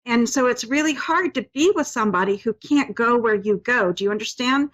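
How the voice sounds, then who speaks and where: Soothing woman medium, somewhat high voice. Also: animated, brisk, a bit bright, rough recording. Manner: soothing, reassuring, talks in fillers and restarts. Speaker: psychic medium host. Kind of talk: psychic reading on a call-in show.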